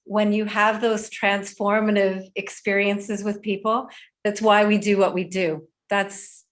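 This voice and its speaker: A woman's voice: medium pitch, flat delivery, unhurried. Woman host chiming in, supportive, short affirming replies. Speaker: interview host, coach. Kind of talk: interview.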